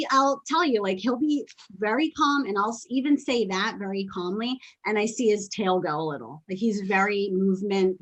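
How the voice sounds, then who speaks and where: A woman hosting a podcast, telling stories in a chatty, animated way with quick asides. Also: mid-range voice, low-quality recording. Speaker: podcast host and dog trainer. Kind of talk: casual podcast conversation.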